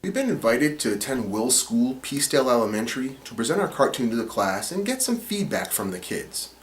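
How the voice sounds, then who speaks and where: A man talks through the making of his animated series in an unhurried, plain voice. His pitch sits in the middle, and he slips in small fillers as he explains. A light background hiss runs beneath him. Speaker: voice actor and co-creator. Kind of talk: behind-the-scenes narration.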